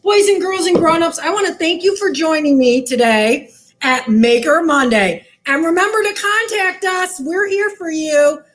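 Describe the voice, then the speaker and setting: A woman's voice: very high voice, moderate pace. A woman librarian showing children how to cook, talking cheerfully in a sing-song way. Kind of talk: cooking demo for kids. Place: library lounge.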